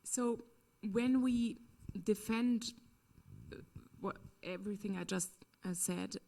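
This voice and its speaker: A woman's voice: mid-range voice, slow, creaky, warm tone. A woman speaks at a conference with a mid-range voice. She answers a question earnestly and emphatically. Her talk is full of "um" and "you know". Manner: earnest, emphatic, frequent fillers. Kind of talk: lecture Q&A answer.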